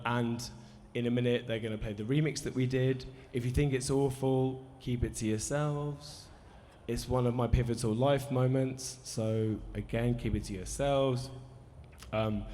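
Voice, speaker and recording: A man's voice: medium pitch, steady tone, measured pace, mellow, slight background noise. Nervous rambling man in a reverberant cinema. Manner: rambling, self-deprecating, sweary storytelling. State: nervous, dry mouth. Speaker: musician introducing a film screening. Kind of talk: live speech to a cinema audience. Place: cinema hall at a festival. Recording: live hall reverb, faint crowd ambience.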